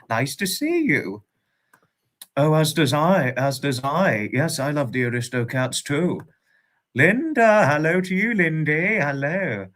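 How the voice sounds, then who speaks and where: A man hosting a livestream in casual chat, warmly greeting viewers and reading out their comments with frequent chuckles. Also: a little high. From United Kingdom. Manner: affectionate, greets viewers as darling, chuckles often. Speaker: livestream host.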